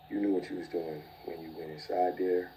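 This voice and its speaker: A man with a very deep, gravelly voice tells his own story. He sounds dark and mellow, low-key and reflective, and sometimes sinks nearly to a whisper. A faint hiss of noise sits behind him. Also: steady tone, fairly quick, recorded from a distance, poor audio. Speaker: interview guest. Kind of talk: candid personal storytelling.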